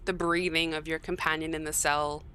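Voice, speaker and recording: A woman running a tabletop game as game master, narrating scenes in an unhurried, descriptive way with filler pauses. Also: low-pitched, little pitch movement, bright, forceful tone, slight background noise.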